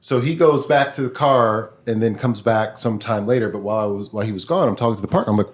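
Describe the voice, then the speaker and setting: A man, a podcast guest, retelling a personal story in a lively, casual way. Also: fairly low pitch, fairly quick, few pauses. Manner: animated, vivid retelling.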